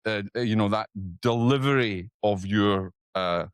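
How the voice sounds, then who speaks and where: A Scottish man hosting an interview, eager and chatty, often restarting sentences and rising in pitch when excited. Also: unhurried, clean tone, no echo. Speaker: host. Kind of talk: casual interview talk.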